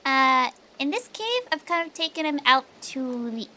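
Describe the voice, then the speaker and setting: High, bright-voiced woman player. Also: big pitch swings, normal speed. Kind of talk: casual game chat.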